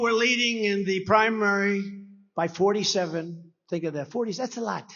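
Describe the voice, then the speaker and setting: A man's voice: high-pitched, normal speed, bright, forceful tone, highs cut off. A man giving a rambling, conversational campaign rally speech at a podium microphone, acting out quoted dialogue. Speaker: political speaker at a rally. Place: rally venue.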